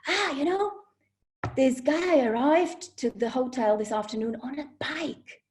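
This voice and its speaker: A man's voice: very high voice, unhurried, pitched above the performer's own voice. A woman voicing a chatty male friend at a beach dinner table, teasing and offhand.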